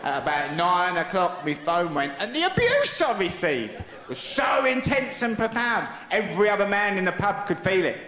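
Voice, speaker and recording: A man's voice: sits high, very animated, moderate pace, hardly any pauses. A middle-aged man doing stand-up, telling a story conversationally and acting out the other voices. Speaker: stand-up comedian. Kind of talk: stand-up routine. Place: large comedy venue. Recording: echoey live venue with loud crowd.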